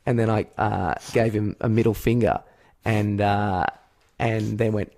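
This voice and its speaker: Young Aussie male podcast co-host, low gravelly voice, animated storyteller who shouts out his own impressions. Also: moderate pace. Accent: Australian. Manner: rambling animated storyteller with loud yelled impressions. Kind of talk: casual comedic chat.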